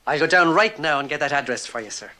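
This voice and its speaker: A man's voice: on the high side, animated, fast talker, background noise, close to an everyday voice. An actor playing an eager-to-please Irish maintenance man with a comically broad Irish accent, in 1960s television drama. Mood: obliging.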